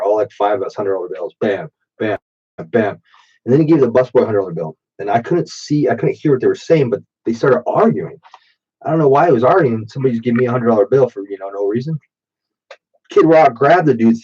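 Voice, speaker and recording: This time the voice is medium-pitched, warm, and husky. The same late-thirties man, stuffy-nosed from allergies, is drinking on a late-night stream and telling long-winded, profane stories, all picked up by a muffled default mic.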